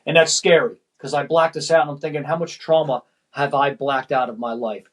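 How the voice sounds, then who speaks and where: A middle-aged man with a slightly high voice tells a raw personal story as a podcast guest. His telling rambles and circles back, and he swears freely as he goes. Again and again he closes a thought with "man". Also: steady tone, brisk, a bit bright, low-quality recording. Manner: profane, rambling, keeps saying "man". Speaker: guest, former firefighter lieutenant.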